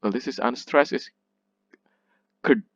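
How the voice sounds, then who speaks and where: A man lecturing on poetry, speaking deliberately, repeating and restarting his phrases as he explains. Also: medium pitch, animated, no room sound. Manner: slow, repeats words, restarts. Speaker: literature lecturer. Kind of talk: classroom lecture. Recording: muffled dry recording.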